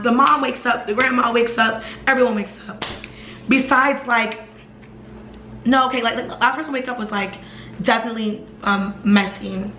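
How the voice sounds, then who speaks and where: A young woman telling a personal story to camera in a fast, animated, casual way, full of fillers. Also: fairly high pitch, roomy sound, slight background noise.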